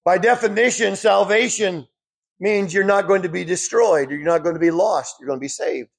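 A man preaching a sermon, rising emphatically when quoting scripture and dropping low for asides. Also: normal speed, vocal fry, slightly rough.

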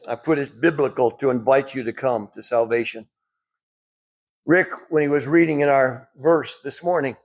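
A man preaching a sermon, rising emphatically when quoting scripture and dropping low for asides.

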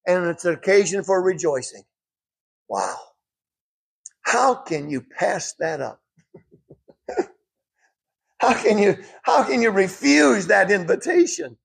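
A man preaching a sermon, rising emphatically when quoting scripture and dropping low for asides. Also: vocal fry, slightly rough.

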